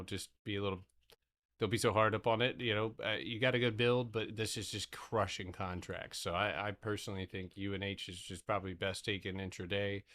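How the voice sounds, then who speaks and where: A young man talks through stock charts in a live trading stream, casual and profane, often breaking off mid-sentence. His voice is bright and forceful, a little low in pitch, and he gets excitable when a trade moves.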